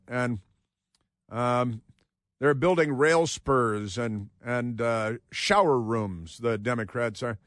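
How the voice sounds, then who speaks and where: A man's voice: medium pitch, slow pace, fairly bright tone, no room sound, studio quality. A man hosting a political talk radio show, delivering a sarcastic, mocking monologue.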